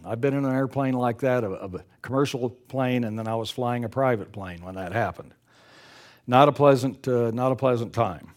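A man's voice: mid-range voice, normal speed. An older man preaching a sermon, reading a story aloud and breaking off for folksy personal asides, stumbling and correcting himself as he goes. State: choked up with emotion.

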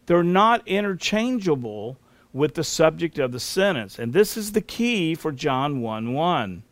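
Slow, deliberate male Bible teacher. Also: on the high side, very animated, no echo. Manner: slow, deliberate explaining with spelled-out terms.

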